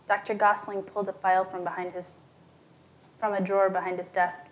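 A woman reading a short story aloud as narrator, shifting her pitch and volume for the dialogue. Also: little pitch movement, a little fast.

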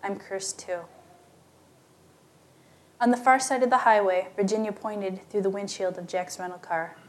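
A woman's voice: mid-range voice, fairly quick. A woman narrating a story aloud, lightly giving voice to the characters in plain storytelling. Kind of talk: scripted narration.

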